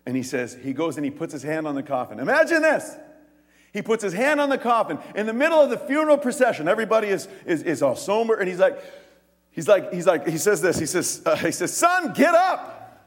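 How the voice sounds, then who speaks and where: Inside a large hall, a man preaches as pastor in a voice that sits high. His sermon is lively storytelling, and he performs the quoted lines in rapid character voices.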